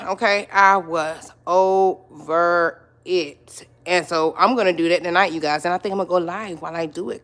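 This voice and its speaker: Middle-aged woman rambling on her live stream, kinda low voice, keeps saying y'all and you guys. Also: fairly bright tone. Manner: chatty, repeats phrases, addresses viewers as y'all and you guys. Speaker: lifestyle vlogger on a livestream. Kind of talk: casual live-stream chat.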